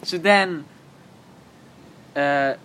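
A man co-hosting a podcast, chatting casually and retelling a plot in a halting, rambling way full of fillers and restarts. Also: a little high, fairly bright tone, slight background noise. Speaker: podcast co-host. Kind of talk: casual chat.

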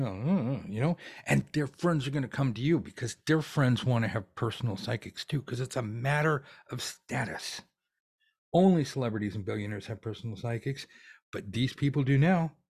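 A man's voice: mid-range voice, animated, normal speed, breathy edge. A man teaching tarot readers how to earn money, talking in a blunt, ranty, profane way. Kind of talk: ranty casual coaching monologue.

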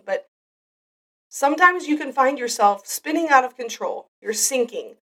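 A woman's voice: sits high, lively intonation, unhurried, fairly bright tone, far from the mic. A woman hosting a devotional podcast, giving an earnest, heartfelt Bible teaching. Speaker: podcast host.

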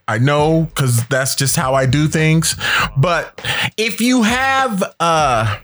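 Animated, high-pitched male radio DJ. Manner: rambling, joking, repeats himself. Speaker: radio DJ host. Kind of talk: casual radio chat between songs.

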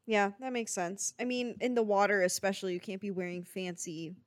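A woman's voice: medium pitch, dry recording. A young woman co-hosting a podcast in casual chat, gushing and playfully teasing. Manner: gushing, playful, quick to tease. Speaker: podcast co-host.

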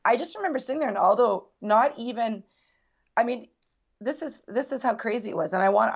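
A woman's voice: medium pitch, creaky, muffled recording. A woman guest recounting a personal story in earnest, reflective casual conversation. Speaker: podcast guest.

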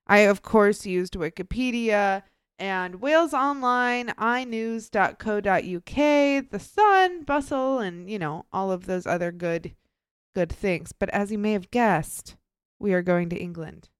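A woman's voice: mid-range voice, animated, measured pace, clean tone, dry recording. A woman co-hosting a true crime podcast, talking in a casual, upbeat, chatty way with lots of fillers. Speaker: podcast co-host presenting the case.

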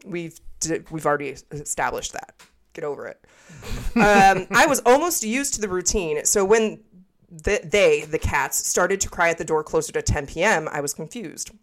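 A woman's voice: lowish voice, lively intonation, normal speed. A woman podcast co-host in casual chat, reading a scary story aloud with laughs and asides.

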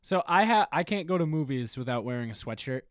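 A man in his twenties chats on a podcast with his friends. He laughs often and acts out what people said. His voice sits at an ordinary pitch, recorded close and dry. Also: expressive, a little fast, smooth, dry recording. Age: 20s. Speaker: podcast co-host. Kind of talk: casual chat.

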